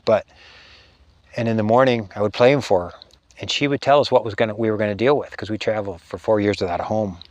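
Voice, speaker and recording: A middle-aged man, a spiritual teacher, telling a meandering story in a halting way, full of restarts and trailing phrases. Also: lowish voice, steady tone, darkish tone, dry recording.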